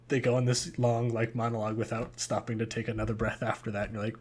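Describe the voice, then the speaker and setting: A man's voice: medium pitch, little pitch movement, quick pace, few pauses, darkish tone. A young man co-hosting a podcast in casual chat, rambling and hesitant with many fillers. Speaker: podcast co-host.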